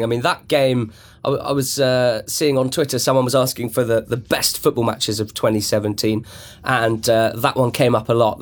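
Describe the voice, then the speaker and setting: A man on a football panel in a studio, talking eagerly and enthusiastically in long runs. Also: medium pitch. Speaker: pundit guest. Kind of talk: casual football chat.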